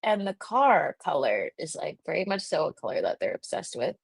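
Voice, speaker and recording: A woman's voice: sits low, very animated, normal speed, gravelly, breathy edge, no room sound. A young woman hosting a livestream, telling a story casually, laughing often and saying "like" a lot. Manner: giggly, laughs often, lots of "like" fillers. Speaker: livestream host.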